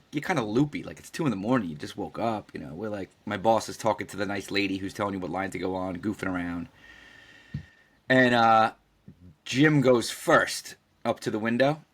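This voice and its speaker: A man's voice: medium pitch, a bit bright. A man co-hosting a podcast, telling a story casually, acting out the quoted dialogue and swearing freely. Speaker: podcast co-host.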